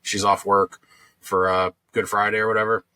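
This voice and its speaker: Bright-voiced rambling podcast man. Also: lowish voice, flat delivery, normal speed, dry recording. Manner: rambling, many fillers and restarts. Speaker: podcast co-host. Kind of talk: casual storytelling chat.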